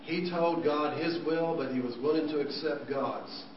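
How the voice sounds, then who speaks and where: A man preaches an earnest, explanatory sermon, his voice sitting a little high. He is picked up from a distance in a reverberant church hall, so the sound comes across dull and muffled. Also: normal speed, slight background noise. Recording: echoey room, distant mic, dull sound.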